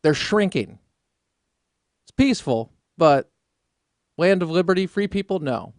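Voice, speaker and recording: A man hosts a political call-in style radio show, pressing his points with sarcasm and rambling asides. His voice sits a touch high, and the studio sound is close and dry. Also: lively intonation, measured pace, no room sound. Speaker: radio talk show host. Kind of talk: opinionated political talk radio.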